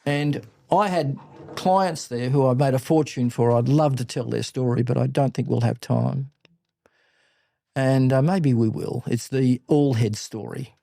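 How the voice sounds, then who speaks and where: Older Australian man, warm blunt storyteller. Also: medium pitch, measured pace, vocal fry, no room sound. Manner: animated anecdotes, blunt and salty. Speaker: podcast guest, business mentor. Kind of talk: casual interview storytelling.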